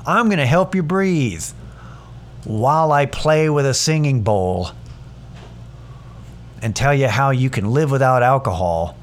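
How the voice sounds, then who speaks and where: A man's voice: medium pitch, expressive, measured pace, pauses often, natural voice. A man putting on the voice of a smug, self-promoting male wellness coach in a mocking, sing-song tone.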